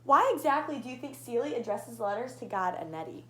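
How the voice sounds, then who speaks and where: A woman's voice: on the high side, big pitch swings, a little fast, pushed and bright, slight background noise. A teenage girl eagerly asking and answering questions as host of a scripted student talk show. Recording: echoey room.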